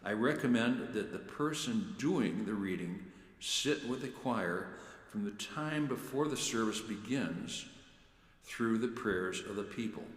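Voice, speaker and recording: A man who serves as a church lector, giving a measured, deliberate talk on how he prepares scripture readings. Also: medium pitch. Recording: echoey room with long reverb.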